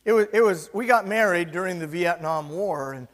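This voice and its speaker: High-voiced preacher in his sixties. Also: moderate pace. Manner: emphatic preaching, loud and soft by turns. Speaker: pastor. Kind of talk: sermon. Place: church sanctuary. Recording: long church reverb.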